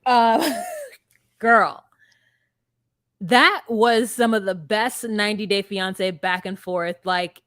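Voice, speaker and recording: Brief: woman co-host, mid-pitched, wry storyteller, close dry sound. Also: slow pace, pauses often, fairly bright tone, dry recording. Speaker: podcast co-host. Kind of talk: casual reality TV recap chat.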